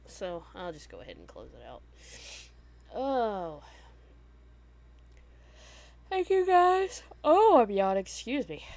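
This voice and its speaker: A woman hosting a livestream, chatting casually and meandering in a relaxed, friendly way as she signs off. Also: lowish voice. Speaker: livestream host. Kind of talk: casual stream sign-off chat.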